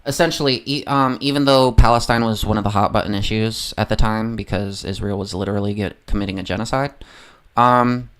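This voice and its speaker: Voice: mid-range voice, fairly even intonation, fairly quick, clean tone. A livestreamer ranting casually about politics, heavily profane and rambling, often losing the train of thought.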